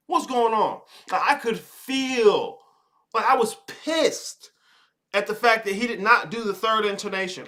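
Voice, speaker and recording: A young man hosts a live advice show in a casual, profane monologue. His voice sits high and bright. He is blunt and mocking and keeps slipping into quick impressions of the people he criticizes. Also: expressive. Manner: blunt, swearing, mocking, mimics others in quick asides.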